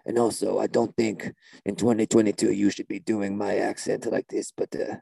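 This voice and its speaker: A man voicing a spaced-out, deadpan male shaman who plays the guitar, with a put-on drawl. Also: on the low side, moderate pace, gravelly, slightly rough, dry recording, heavily acted, low-quality recording. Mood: solemn. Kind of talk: comedy sketch character.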